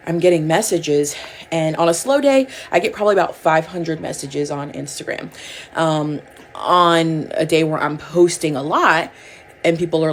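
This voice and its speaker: A woman's voice: fairly low pitch, a little hiss or hum. A woman who is a mother and social media creator, chatting casually to camera while getting ready at home, candid and rambling with lots of "like".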